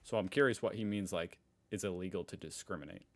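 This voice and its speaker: A man's voice: deep voice, fast talker, a crowd in the background. A man hosting a reaction video, chatting casually and laughing at himself. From Southern United States. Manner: chatty, lively, self-deprecating with frequent laughs. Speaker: reaction channel host.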